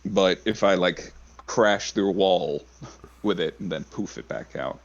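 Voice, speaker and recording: A man's voice: sits low, a little slow, highs cut off. A man talking casually as a player in a tabletop game session, thinking aloud as he goes. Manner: chatty, thinking aloud with restarts. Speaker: player character.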